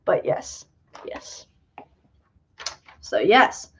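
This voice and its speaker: Speaking extremely slowly in a slightly bright voice, a young woman who makes films runs a casual livestream Q&A. She chats, laughs a lot, pokes fun at herself and uses plenty of fillers; the recording is dull and lo-fi.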